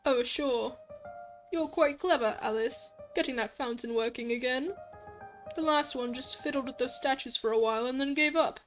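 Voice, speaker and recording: A woman voicing a smug, polite male talking cat in a game, speaking in a dry, teasing, unhurried way. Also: high-pitched, fairly bright tone, soft background music.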